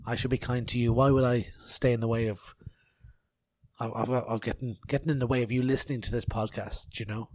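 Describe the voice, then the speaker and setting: A man talking on his podcast, loose and rambling with a self-mocking streak. His voice sits at an ordinary middle pitch. The sound is close and dry, with no room around it. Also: fairly even intonation, brisk, darkish tone, dry recording. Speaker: podcast host. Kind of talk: casual chat and interview. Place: outdoor festival grounds in later part.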